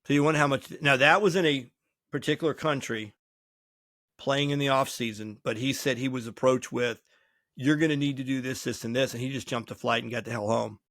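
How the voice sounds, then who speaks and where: A man's voice: mid-range voice, steady tone, brisk, fairly bright tone, dry recording. A man co-hosts a casual podcast with a mid-range voice, and he acts out quoted dialogue as he tells his stories. The sound is dry and close, with almost no room behind it. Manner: storytelling, acting out quoted dialogue. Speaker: podcast co-host.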